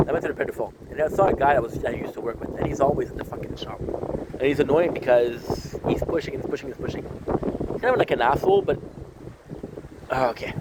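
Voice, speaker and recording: Male vlogger, rambling and frustrated, talking to camera outdoors with loud wind and boat noise behind him. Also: medium pitch. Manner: frustrated, searching, repeats himself. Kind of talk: rambling vlog monologue to camera.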